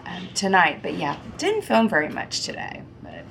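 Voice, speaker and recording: Here the same kind of casual vlog comes from a middle-aged woman from Ohio, United States, with a lowish, gravelly voice that swings hugely in pitch at a moderate pace. She's stuffy from allergies, chatty and rambling with plenty of ums, against a noisy background.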